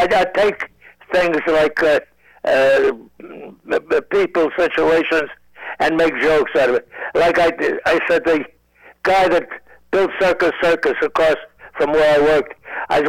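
Old guy in his 90s cracking dry jokes from home, stammers and restarts a lot, pretty high voice. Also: fairly even intonation, unhurried, dry recording, rough recording. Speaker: comedian guest. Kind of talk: joking radio interview.

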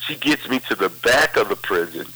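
A man with a low, husky voice recounts a story to an interviewer. His delivery is forceful and tense, and he acts out what others said. It feels like conversational storytelling. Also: animated, fairly quick, poor audio. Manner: vivid retelling with lots of quoted dialogue. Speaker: interview guest.

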